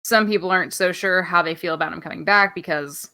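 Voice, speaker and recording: Speaking quickly in a lowish, pushed and bright voice, a woman co-hosts a podcast covering wrestling news. Her chat is casual and meandering, full of swearing and filler ums.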